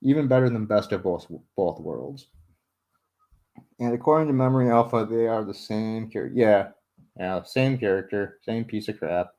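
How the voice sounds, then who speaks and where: Young male streamer, low voice, loose and profane, self-mocking humor, late-night chat at home. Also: normal speed, mellow. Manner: joking, self-mocking, swears freely, laughs often. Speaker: livestreamer building a model ship.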